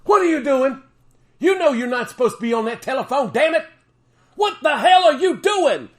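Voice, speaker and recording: Man shouting as a furious scolding guardian. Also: very high-pitched, sing-song, normal speed, pitched above the performer's own voice. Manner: yelling, scolding. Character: angry shouting male guardian scolding someone.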